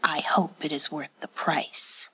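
A woman voicing a scheming male feudal lord in a hushed, muttered whispered role-play. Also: low voice, little pitch movement, takes it slowly, slightly rough, heavily acted.

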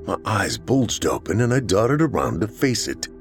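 A man's voice: lowish voice, big pitch swings, normal speed, soft background music. A man narrating a first-person horror story in a dramatic way, acting out the frightened lines.

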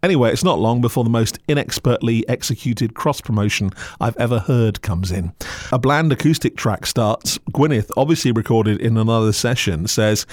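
A man's voice: medium pitch, normal speed, no room sound, studio quality. A man hosting a podcast, narrating scripted reviews in a sardonic, mocking way. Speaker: podcast critic host.

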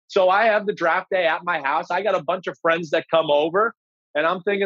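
A man in his forties, a former pro quarterback, casually telling a draft story with animated, profane energy. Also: sits high, normal speed, no echo, muffled recording. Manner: animated, profane, acts out quoted voices. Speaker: former NFL quarterback, podcast guest.

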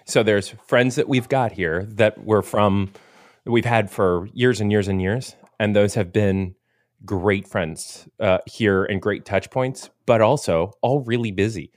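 A man's voice: fairly low pitch, a little slow, dry recording, clean studio sound. A man in his thirties co-hosting a podcast in casual chat, rambling and self-deprecating. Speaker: podcast co-host.

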